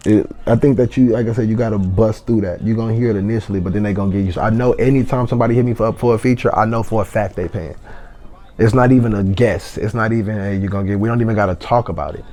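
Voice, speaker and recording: A man's voice: lowish voice, fast, dark tone. A man from San Antonio, a rapper, talking bluntly and profanely as an interview guest. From San Antonio, Texas. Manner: blunt and profane, heated storytelling. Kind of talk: casual interview chat.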